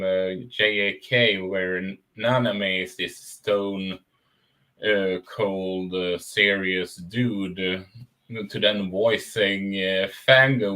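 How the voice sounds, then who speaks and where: A man co-hosting an anime podcast, talking slowly and haltingly with lots of pauses and fillers. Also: deep voice, pushed and bright. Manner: slow and halting, many uh fillers. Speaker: podcast co-host. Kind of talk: casual chat.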